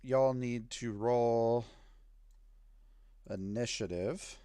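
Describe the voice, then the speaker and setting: A man running a tabletop game, taking his time and padding his narration with ums and uhs. His voice sits at a middling pitch, and the recording is dry and close, with no room sound. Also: mellow, smooth, no echo. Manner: unhurried, filler-heavy narration. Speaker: game master.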